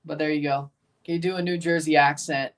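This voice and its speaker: A man's voice: on the high side, fairly even intonation, fairly quick, fairly bright tone, recorded from a distance. A man with a Southern accent streaming live match reactions, chatting with viewers and exclaiming at plays. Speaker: watchalong streamer.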